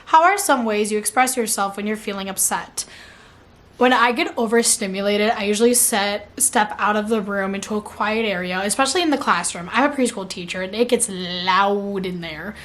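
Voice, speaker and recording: A woman's voice: mid-range voice, moderate pace, fairly bright tone. A young adult woman vlogging in casual chat, filling her talk with "like" and laughing at herself. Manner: chatty, filler-heavy with frequent "like"; laughs at herself mid-sentence. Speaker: vlogger answering viewer questions.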